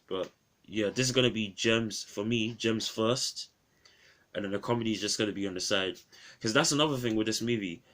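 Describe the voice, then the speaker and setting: A man's voice: fairly low pitch, a bit bright. A man reviewing an old film in a casual, rambling vlog, often restarting his phrases.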